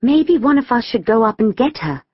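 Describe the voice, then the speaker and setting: A woman's voice: fairly high pitch, very animated, moderate pace, breathy edge, lo-fi sound, voice pushed up. A woman voicing an authoritative, know-it-all schoolgirl in a children's audiobook.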